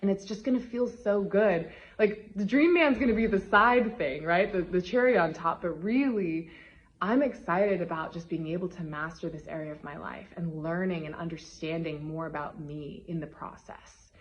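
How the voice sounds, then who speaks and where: A woman's voice: on the low side, normal speed, highs cut off. A woman love coach talking to her audience in a motivational vlog, emphatic and gushing, tagging her points with "right?".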